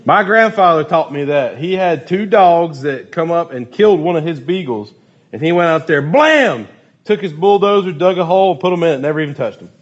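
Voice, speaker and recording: Man youth leader, slightly high voice, loose joking delivery, muffled dull sound. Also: a little fast. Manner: loose, joking, animated storytelling. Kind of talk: casual youth talk.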